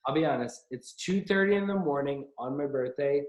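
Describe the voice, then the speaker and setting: A man's voice: fairly high pitch, fairly quick. Man, host, casual rambling banter, self-mocking jokes, roomy echo. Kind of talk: casual chat.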